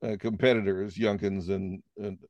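A man co-hosting a political talk show, recorded close and dry with no room sound. He gives his opinions plainly, pausing often on "uh" as he goes. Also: fairly low pitch, steady tone, darkish tone, no room sound. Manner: conversational, opinionated, hesitant with fillers. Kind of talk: casual political discussion.

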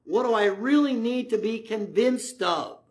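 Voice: medium pitch, measured pace. A preacher delivering a conversational sermon, asking the congregation questions and retelling stories in a casual way.

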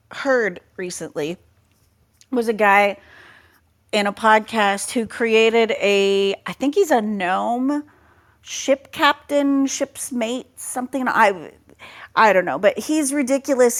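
Playful, animated woman chatting. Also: medium pitch. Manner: animated, playful, drops into silly voices. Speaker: tabletop game master, podcast panelist. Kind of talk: casual chat.

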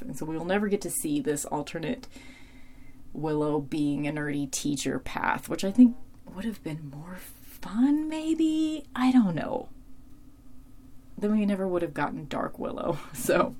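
A woman casually recapping a TV episode, chatty and giggly, with lots of fillers, quoting characters in brighter voices. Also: deep voice, vocal fry.

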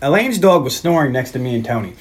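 Woman co-host, low lively voice, blunt teasing banter. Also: fast, slight background noise. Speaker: podcast co-host. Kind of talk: casual chat.

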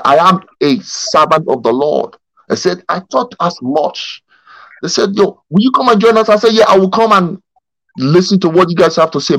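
A male pastor with a high, bright-sounding voice tells a story during a Bible study on a video call. His delivery is animated, with frequent stumbles and repeated words. The sound is very dry and close, with almost no room around it. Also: no echo, low-quality recording.

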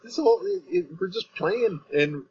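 A man's voice: sits high, expressive, moderate pace, darkish tone, highs cut off. A Canadian man with a Canadian accent, chatting on a podcast in a rambling, self-interrupting way and laughing often. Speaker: podcast host and guest. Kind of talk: casual podcast chat.

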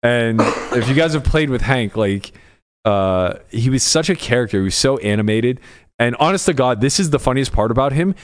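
A man's voice: mid-range voice, lively intonation, normal speed, slight background noise. A young man on a podcast, casually telling a poker story, swearing freely and acting out both sides of the hand. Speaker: podcast co-host.

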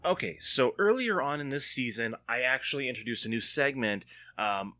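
A man hosts his podcast from home in a loose, chatty way. He rambles and jokes, restarts sentences, and his voice swings widely in pitch. The tone is bright and forceful. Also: lively intonation, normal speed, faint music behind. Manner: rambling and joking, with frequent restarts. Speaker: podcast host. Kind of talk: casual solo podcast chat.

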